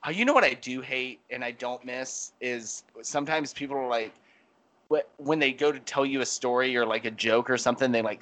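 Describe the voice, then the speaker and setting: Bright-voiced chatty man telling stories. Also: medium pitch. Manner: rambling, animated storytelling with many fillers. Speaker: podcast co-host. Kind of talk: casual chat.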